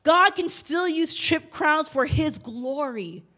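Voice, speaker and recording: A woman's voice: high-pitched, animated, slow pace, pushed and bright. A woman in her thirties preaching a sermon, telling a personal story with bursts of emotion. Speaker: pastor.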